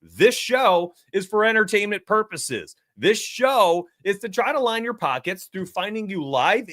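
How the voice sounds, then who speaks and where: An excitable man hosting a live sports betting show, talking straight to his chat with lots of hype. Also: high-pitched, no room sound, clean studio sound. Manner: excitable, hype-driven, addresses chat directly. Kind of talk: energetic live-stream betting talk.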